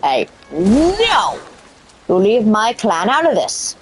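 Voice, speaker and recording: A woman streaming a video game, swearing casually and talking to the characters, her voice cracking and squeaking. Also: takes it slowly, a little hiss or hum. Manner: profane, excitable, talks to the game characters. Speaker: gaming streamer. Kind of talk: casual let's-play commentary.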